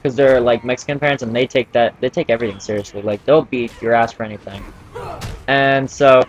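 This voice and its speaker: A man's voice: medium pitch, fairly even intonation, a little fast, highs cut off. Rambling teenage boy telling a story. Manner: rambling, full of fillers and restarts. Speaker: vlogger. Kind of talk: casual storytelling.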